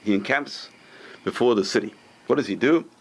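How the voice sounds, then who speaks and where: Gravelly rabbi telling a lively story. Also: male voice, normal speed. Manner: animated storyteller, acts out quotes with sudden high lifts; talks to the room, asks listeners questions. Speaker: rabbi teaching a class. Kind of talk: Torah class storytelling.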